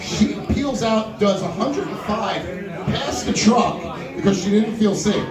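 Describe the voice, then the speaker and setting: Young guy comic, high and lively, playful crowd banter; echoey room, off-mic, audience audible. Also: unhurried, distant mic. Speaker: stand-up comedian. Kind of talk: stand-up comedy set. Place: live comedy venue with audience.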